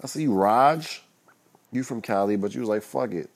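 A young man rambling casually on his own, loose and profane, muttering asides between louder bursts and breaking into laughter. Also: low voice, normal speed. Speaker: solo commentator.

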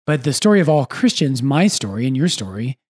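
A man's voice: mid-range voice, husky. A man who is a priest and podcast host, chatting casually and with animation, often breaking off to correct himself. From United States. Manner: animated, quick asides, self-correcting.

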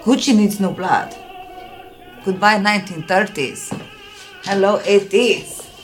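A woman's voice: mid-range voice, slow, soft background music, lightly acted, low-quality recording. An actress playing an ambitious woman who talks in a persuasive, emphatic way.

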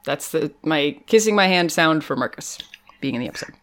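A woman with a low voice talks through a TV episode with a friend. She is chatty and animated and laughs often, as in a relaxed podcast chat. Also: a little fast. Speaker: podcast co-host. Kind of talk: casual chat recapping a TV episode.

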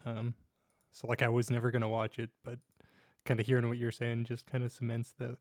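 Male co-host, monotone and relaxed, dry recording. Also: medium pitch, fairly quick, dry recording. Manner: short agreeing replies, flat and laid-back. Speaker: podcast co-host. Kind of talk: casual chat.

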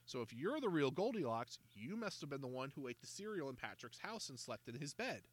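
A man reading a children's mystery aloud, voicing a calm, curious boy detective close to his own voice. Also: mid-range voice, brisk, no echo.

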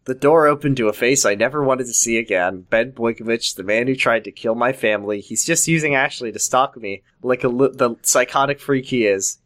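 A man's voice: medium pitch, brisk, few pauses, a bit bright. A man reading a fan story aloud for laughs, hamming up the lines and joking between them. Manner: jokey, over-the-top dramatic reading. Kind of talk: comedic dramatic reading with chat.

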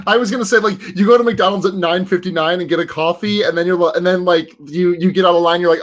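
A man's voice: high voice, fairly even intonation, fast talker. A young man hosting a podcast in casual chat, giggly and stumbling over repeated words. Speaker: podcast host.

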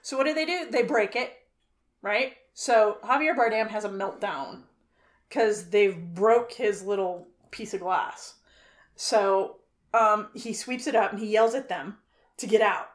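A woman's voice: medium pitch, a little slow. A woman co-hosting a casual chat, retelling a movie plot with exasperated laughter and free swearing. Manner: exasperated, laughing storyteller who swears freely. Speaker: podcast co-host.

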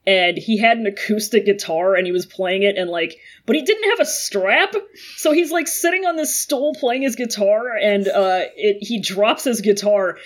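A woman's voice: mid-range voice, moderate pace. A woman chatting casually and telling a school anecdote, laughing often between lines. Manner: laughing often, animated storytelling.

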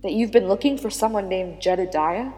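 A woman's voice: mid-range voice, lively intonation, a little fast, mellow, close to an everyday voice. A woman voicing a skeptical, irritable man who speaks with impatient exasperation. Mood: exasperated. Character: skeptical, irritable grown man keeping vigil. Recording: long reverb with background music.

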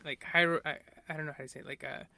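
A man's voice: a little high, steady tone, very fast, creaky, bright, forceful tone, no room sound. A man in casual conversation as a podcast co-host, rambling with lots of fillers and swearing. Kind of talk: casual chat.

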